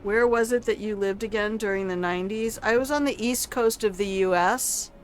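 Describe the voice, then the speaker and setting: A woman's voice: mid-range voice, moderate pace, slight background noise. An older woman streaming a video game, chatting casually with viewers in a salty, teasing way and swearing freely. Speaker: gaming streamer. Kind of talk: casual gameplay commentary.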